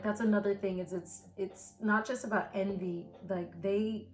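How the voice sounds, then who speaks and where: Rambling woman in a roomy echo. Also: lowish voice. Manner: rambling, filler-heavy, repeats words. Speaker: tarot reader. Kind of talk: casual tarot reading to camera. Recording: roomy echo with faint background music.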